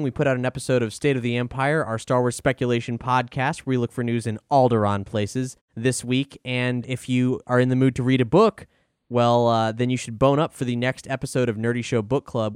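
A male podcast host talks through his outro in an easy, chatty way, dropping the odd filler as he goes. His voice is smooth and clear, recorded dry and close with no room sound. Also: medium pitch, brisk, no room sound. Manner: relaxed, chatty recommendations with fillers.

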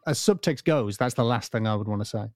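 A man's voice: medium pitch, lively intonation, fast talker, darkish tone, no room sound. A man talking as a guest on a podcast in a casual chat, with dry, self-deprecating humour.

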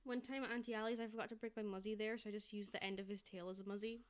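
A young woman co-hosting a casual podcast, excitable and swearing casually as she tells stories. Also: mid-range voice, very fast. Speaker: podcast co-host. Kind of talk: casual chat.

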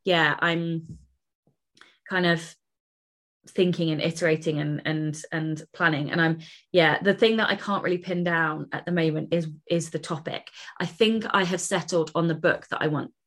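A woman co-hosting a casual podcast, thinking aloud as she talks. Her voice sits low but sounds bright and crisp. She speaks in quick bursts and often restarts her sentences. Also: steady tone. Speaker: podcast co-host, author.

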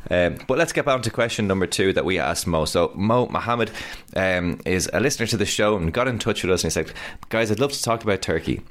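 A man's voice: low-pitched, animated, fairly quick, hardly any pauses, a bit bright. An Irish man co-hosting a podcast in easygoing casual chat. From Ireland. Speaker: podcast co-host.

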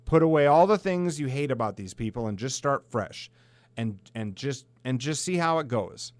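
The South Dakota podcast host, a middle-aged man, has a medium-pitched voice with lively intonation at normal speed, captured in a dry recording. He rants bluntly and angrily in a profane monologue full of swearing.

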